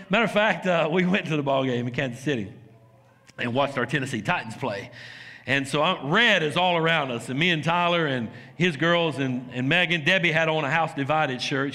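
A man preaching a sermon as pastor, telling stories with laughs and sudden shouts. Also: on the high side. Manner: animated storytelling, laughs and shouts while acting out scenes. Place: church sanctuary. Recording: long hall reverb.

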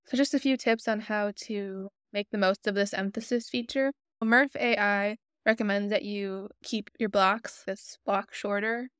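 A woman calmly walking viewers step by step through a software tutorial. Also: medium pitch, clear, resonant tone, no echo, clean studio sound. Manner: friendly, explanatory, step-by-step. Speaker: tutorial host. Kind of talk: screen-recorded software tutorial.

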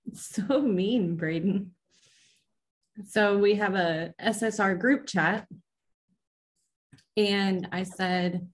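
A woman's voice: mid-range voice, fairly even intonation, extremely slow, long pauses. A woman hosting a racing recap show in a casual live stream, chatting and greeting viewers by name.

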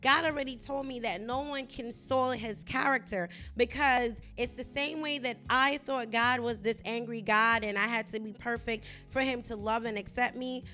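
A middle-aged woman hosting a Christian talk show, animated as she tells a personal faith story. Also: a little high. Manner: animated storytelling, rising loud when reenacting herself.

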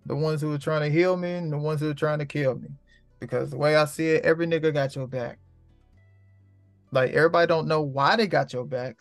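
On a dry recording, a man with a slightly high voice hosts his own show, delivering a casual, profane monologue packed with street slang. He preaches and repeats lines for emphasis.

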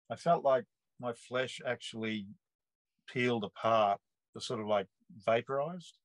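A man with an Australian accent, in his sixties, recounts his own experience as an interview guest. His voice sits mid-range, and it is recorded dry and close. He tells it like a lively yarn, slipping into the voices of the people he quotes. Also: medium pitch, no room sound, poor audio. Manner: lively storyteller who acts out the people he quotes. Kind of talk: personal testimony storytelling.

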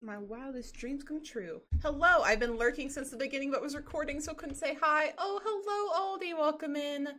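A woman's voice: high-pitched, moderate pace, few pauses, a bit bright. A woman streaming a game, chatting casually and bubbly with her chat, laughing often.

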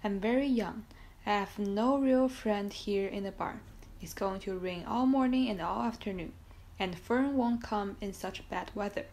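A lonely young pig speaks in a storybook reading, plaintive and earnest, his voice pitched a touch lower and quieter than the reader's own, as a woman puts him on. He argues his point sincerely. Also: a little slow, natural voice. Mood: glum, lonely.

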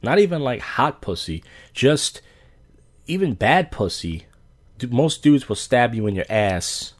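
A man hosting a podcast, telling stories in a blunt, profane casual rant and acting out dialogue. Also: on the low side. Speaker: podcast host.

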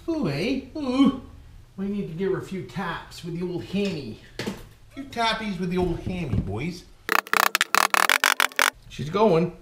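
A man giving casual, jokey commentary while he rebuilds an engine, talking to himself and calling his viewers "boys". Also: on the high side. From Canada. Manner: talks to himself while working. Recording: echoey room with background noise.

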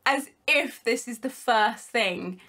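Bright-voiced gushing woman. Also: fairly high pitch, slow. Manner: gushing, giggly, exclamatory. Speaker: unboxing vlogger. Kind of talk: excited unboxing chat.

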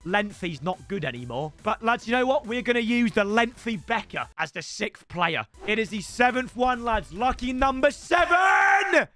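A young Englishman commentating his football video game with energetic, shouty, slangy banter aimed at his viewers. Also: sits high, moderate pace, few pauses, faint music behind. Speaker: gaming YouTuber. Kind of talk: excited gameplay commentary.

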